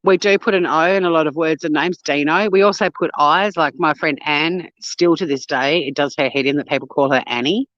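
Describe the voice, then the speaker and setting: A woman's voice: low-pitched, fairly quick, hardly any pauses, fairly bright tone, no room sound, dull audio. An Australian woman chatting casually on a walk for her vlog, blunt and sweary, telling stories with lots of animation. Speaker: vlogger. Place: outdoors on a walk.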